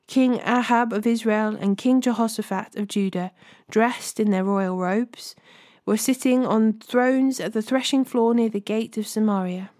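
A woman hosting a daily Bible reading, reading scripture aloud in a measured way and gently voicing the quoted speakers. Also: medium pitch, no room sound, studio quality.

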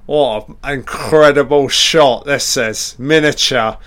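A man talks over a film as it plays, reacting with excitement and cursing freely. His delivery is slow and drawn out, with an ordinary mid-range pitch. He sounds like a fan chatting casually rather than a polished presenter. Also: clear, resonant tone. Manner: excitable, heavy swearing, reacts aloud to the screen. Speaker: film commentator.

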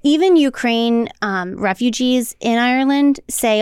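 A woman co-hosting a podcast, telling family stories in lively, casual chat and swearing freely. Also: fairly high pitch, moderate pace, clear, resonant tone, no echo, clean studio sound. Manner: animated storytelling, swears freely. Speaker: podcast co-host.

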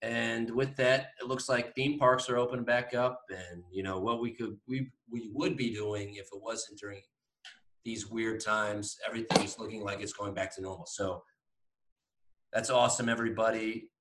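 A man's voice: fairly low pitch, steady tone, moderate pace, a bit bright, a little hiss or hum, low-quality recording. Upbeat rambling podcast guy. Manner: chatty, upbeat, rambling news rundown. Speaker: podcast co-host. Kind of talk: casual chat.

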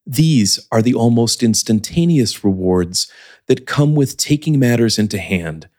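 A man teaching English as the host of a scripted podcast lesson, speaking in a clear, measured, explanatory way. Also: on the low side, darkish tone.

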